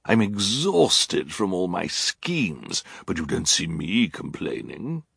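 Brief: gravelly, raspy storybook villain, sneering and swaggering, deep with swooping inflection, put on by a male narrator. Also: sing-song, takes it slowly, fairly bright tone, no room sound, clean studio sound, heavily acted. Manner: growling, sneering. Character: boastful scheming villainous adult man. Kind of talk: audiobook character voice.

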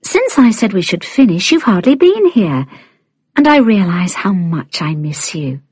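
A woman's voice: medium pitch, very animated, measured pace, a little mellow, breathy edge, no room sound, studio quality. A woman reading an audiobook, playing an affectionate young woman in a raised, earnest, pleading voice.

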